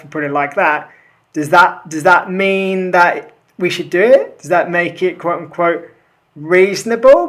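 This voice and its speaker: A man's voice: fairly high pitch, fairly bright tone. A man, a guest author in a casual podcast discussion, talking animatedly and acting out quoted exchanges.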